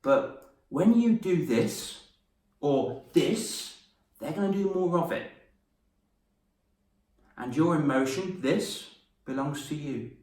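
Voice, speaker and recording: A man's voice: fairly high pitch, lively intonation, takes it slowly, pauses often, darkish tone, distant mic. A man, an upbeat confidence coach teaching a live online lesson to children and praising them by name. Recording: echoey room, voice from off-mic.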